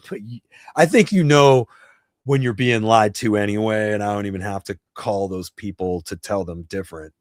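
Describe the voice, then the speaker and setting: Originally from New Jersey and now in his fifties, a man with a fairly low voice hosts a casual livestream Q&A from home. His talk is blunt, profane and rambling, with frequent restarts, and the studio-quality audio has no echo.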